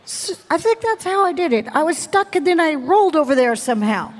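High-voiced woman preaching in an echoing hall. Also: a little fast. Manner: animated storytelling, laughing often. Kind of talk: sermon testimony. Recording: long hall reverb.

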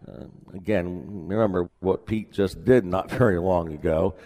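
A man pastor preaching a sermon in a relaxed, conversational way with folksy asides, in a church sanctuary. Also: deep voice, moderate pace, long reverb tail.

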